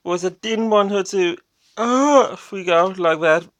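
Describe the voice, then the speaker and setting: A vlogger from Denmark with a Danish accent, telling personal stories in a halting way, often searching for English words, blunt and complaining. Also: mid-range voice, dry recording. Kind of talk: casual personal storytelling to camera.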